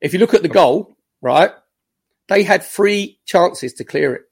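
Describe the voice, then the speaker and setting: A man talks on a podcast as a guest. His voice sits a bit high for a man, and he tells stories with energy, acting out other people's words. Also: measured pace, breathy edge. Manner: animated storyteller, acts out quotes. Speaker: guest, former footballer. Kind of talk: casual podcast chat.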